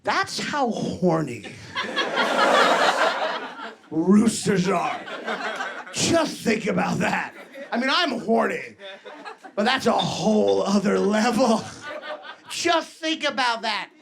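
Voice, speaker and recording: A man doing a stand-up comedy set on stage, telling stories with punchy, exaggerated asides, recorded live with loud audience laughter. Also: sits high, sing-song, slow, gravelly, long pauses, a crowd in the background.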